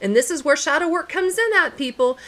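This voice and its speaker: A woman's voice: sits high, expressive, fairly quick, a bit bright. A woman co-hosting a casual talk show, speaking emphatically and repeating her points like a lesson. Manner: emphatic, preachy, repeats phrases. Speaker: podcast co-host. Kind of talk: casual chat.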